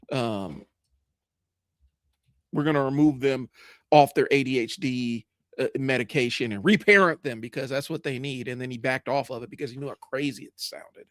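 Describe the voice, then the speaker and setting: A man's voice: medium pitch, no room sound. A man with a head cold hosting a live stream, talking frankly in a rambling way, with fillers, restarts and the odd swear. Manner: frank, rambling with many fillers and restarts, greets chat viewers; swears when angry. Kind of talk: casual live stream monologue.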